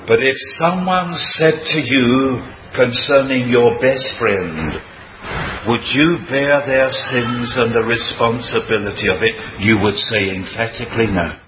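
A man preaching a sermon with emphatic, dramatic delivery and sweeping changes in pitch. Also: measured pace. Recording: dull, roomy hall recording with faint noise.

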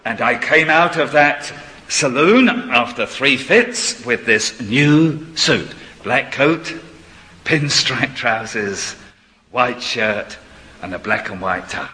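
An older man preaching a sermon, moving between quiet, confiding asides and ringing, emphatic proclamation. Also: mid-range voice, expressive, takes it slowly. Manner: swings from soft confiding asides to emphatic declamation. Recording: long hall reverb.

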